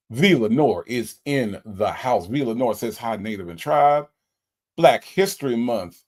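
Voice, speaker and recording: A man's voice: mid-range voice, vocal fry. A man hosting a casual livestream, greeting viewers by name in a folksy, chatty way. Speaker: livestream host.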